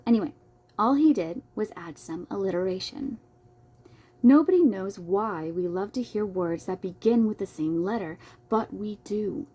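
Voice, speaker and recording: A woman's voice: medium pitch, dark tone, slightly rough. A young adult woman reading a nonfiction book aloud, breaking off for playful, self-deprecating comments. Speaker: book reader.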